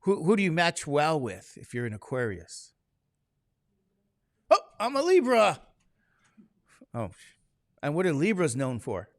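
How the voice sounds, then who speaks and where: A man's voice: a little high, huge pitch swings, unhurried, pauses often, dry recording, clean studio sound. A man teaching statistics to a classroom, talking casually and constantly quizzing his students with questions. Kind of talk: classroom lecture.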